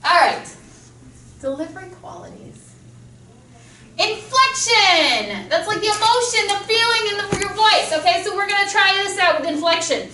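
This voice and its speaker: A woman teaching a speech class with a high, bright voice and eager energy. She talks through a mask, picked up from across an echoey classroom, with faint room noise behind her. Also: animated, recorded from a distance. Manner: enthusiastic, explains with quick examples. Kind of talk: classroom lecture with drills. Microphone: masked, recorded from across a classroom.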